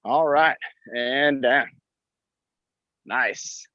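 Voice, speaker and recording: Recorded on a phone in a park, a man serves as fitness coach for a live outdoor workout class, cheering people on and describing each move while he does it. His voice is a little high, very animated and fairly bright, and he speaks slowly with frequent pauses. The audio is dull, dry, lo-fi phone sound with no room sound.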